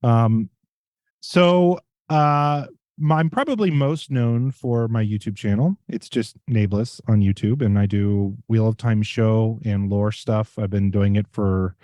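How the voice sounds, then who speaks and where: A man's voice: lowish voice, measured pace, warm tone, dry recording, studio quality. A man chatting casually as a guest on a podcast, joking and easygoing with plenty of fillers.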